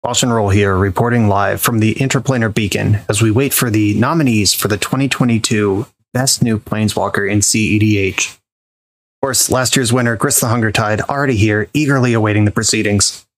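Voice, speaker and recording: A man's voice: on the low side, fairly even intonation, fairly quick. A man presenting an award as a playful mock live news report.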